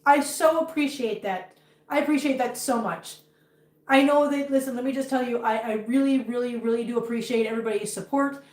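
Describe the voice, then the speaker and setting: A woman's voice: fairly high pitch, brisk, a little mellow. A woman hosting a casual livestream from her kitchen, chatty and emotional, cooing at her cats between chatting with viewers. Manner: emotional, chatty, coos baby talk at cats. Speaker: livestream host. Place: home kitchen. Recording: roomy echo, voice from far off.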